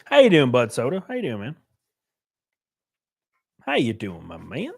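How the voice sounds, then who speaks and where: A man's voice: mid-range voice, wildly swooping pitch, moderate pace, creaky, slightly rough. A man hosting a casual livestream, reading viewers' comments aloud and answering them in a loose, joking, rambling way. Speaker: livestream host reading chat.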